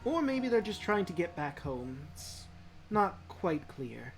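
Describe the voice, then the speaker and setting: A gracious goddess queen of wisdom, as a game master puts her on in a tabletop game. She speaks in a measured, kindly way with thoughtful pauses, and her voice sits at an ordinary middle pitch. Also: very animated, faint music behind. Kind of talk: tabletop game role-play.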